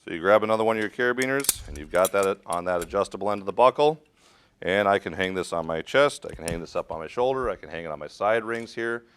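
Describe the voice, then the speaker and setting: Male instructor, deep voice, smooth and clear, direct hands-on training talk. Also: animated, quick pace, a bit bright. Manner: direct, practical, asks the class questions. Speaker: rope rescue instructor.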